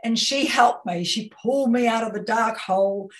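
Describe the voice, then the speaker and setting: A woman with a New Zealand accent, a communication consultant giving an expressive webinar talk over a video call, often repeating words as she goes. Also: fairly high pitch, normal speed, distant mic, low-quality recording. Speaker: guest speaker, communication consultant.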